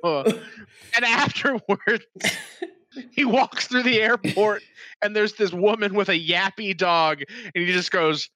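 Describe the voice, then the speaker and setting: A man's voice: high voice, fairly even intonation, slow pace, bright, forceful tone, dry recording. A man co-hosting a podcast, telling stories and teasing his co-hosts in a playful way. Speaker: podcast co-host. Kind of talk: casual movie review chat.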